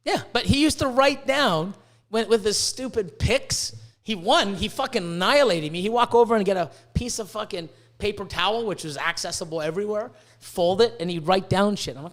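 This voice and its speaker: A man hosting a casual podcast, rambling and swearing as he tells animated stories, hot and sweating in his room. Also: sits high, brisk. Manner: profane, rambling, animated storytelling. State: sweating, overheated. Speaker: podcast host, reptile breeder. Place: hot indoor room with a fan.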